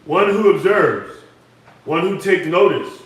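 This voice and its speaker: A man in a study group reading a definition slowly and hesitantly. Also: sits high, lively intonation, a bit bright. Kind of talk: reading dictionary entries aloud. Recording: echoey room, far from mic.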